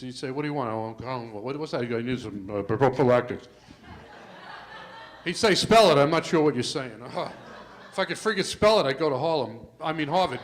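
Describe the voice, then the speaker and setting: An older man from New York working a comedy club stage with a stand-up set. His voice sits a little high for a man. He tells stories, throws asides to the audience, and pushes his volume up for each punchline. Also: a little hiss or hum. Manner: storytelling with asides to the crowd, rising loud for punchlines.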